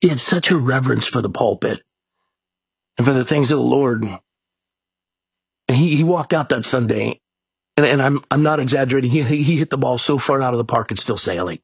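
Rambling storytelling pastor, husky. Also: male voice, medium pitch, no room sound. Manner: rambling, repeats words, folksy sayings. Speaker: mayor and pastor. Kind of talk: storytelling in a conversation.

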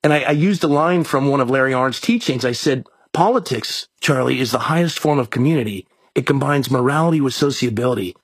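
A man's voice: medium pitch, fairly quick, few pauses, breathy edge, no echo. A man who is a mayor and a pastor, telling a long story in a rambling, folksy way and repeating his words as he goes. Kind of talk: storytelling in a conversation.

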